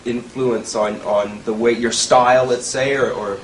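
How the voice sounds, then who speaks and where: A man interviewing, asking halting, hesitant questions. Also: mid-range voice, fairly even intonation, recorded from a distance, a little hiss or hum. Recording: echoey, from across the room.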